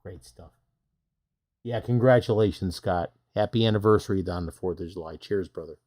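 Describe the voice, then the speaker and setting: A man's voice: deep voice, normal speed, a little mellow. A middle-aged man hosting a casual live stream, chatting in a folksy way and reading out viewer questions.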